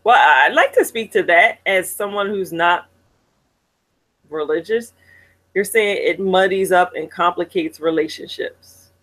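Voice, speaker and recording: A woman co-hosting a casual chat show, reading viewer comments and telling stories in a candid, animated way. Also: fairly low pitch, measured pace, rough recording. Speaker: podcast co-host.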